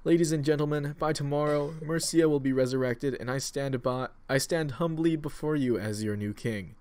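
A man's voice: moderate pace, clear, resonant tone, natural voice. Silky, seductive, speechifying villain, voiced by a man. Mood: rabble-rousing. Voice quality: deep, silky and almost seductive. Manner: pompous, speechifying, grows louder. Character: silky, menacing male villain with grand plans.

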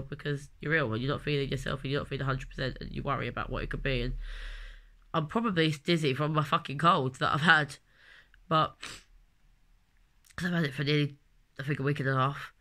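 Gravelly-voiced London woman with a cold. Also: low voice, bright, forceful tone. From London, England. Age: late 20s. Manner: rambling, heartfelt, chatty. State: has a cold, coughing. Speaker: vlogger. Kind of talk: personal vlog talk.

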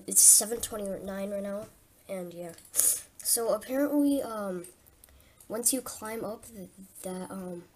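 A woman's voice: medium pitch, darkish tone. A woman giving casual gameplay commentary as a let's-play host, just woken up and thinking aloud in a chatty way.

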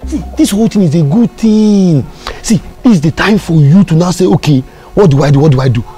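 A man's voice: high-pitched, animated, fairly quick, mellow. A man with a Nigerian English accent acting a scheming friend who coaxes and teases, often repeating words, in a comedy skit with music behind. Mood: coaxing. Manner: teasing, coaxing, repeats words. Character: scheming friend who stirs trouble while urging calm.

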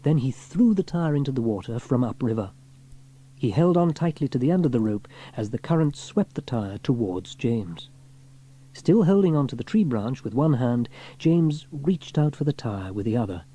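Lively, mellow male storyteller. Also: medium pitch, normal speed, slightly rough. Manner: lively, expressive reading. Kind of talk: children's storybook narration.

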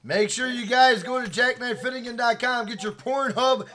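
A man streaming a survival game with his wife, swearing freely, shouting hype catchphrases and reading out viewers' names from the chat. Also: extremely high pitch, moderate pace. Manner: reads out chat names and thanks members. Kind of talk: casual livestream gaming chat.

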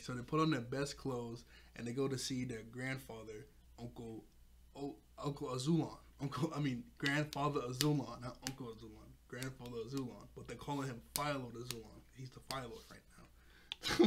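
A man's voice: medium pitch, fairly even intonation, normal speed. A man recapping a cartoon episode in a loose, slangy way, often laughing and correcting himself. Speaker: show reviewer.

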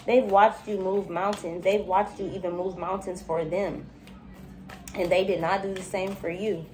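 A spiritual reader speaks straight to her viewers in a chatty, casual intuitive reading, calling them baby and using plenty of loose filler. Her medium-pitched voice is a little mellow, with a flat delivery at a normal speed. There's a little hiss or hum.

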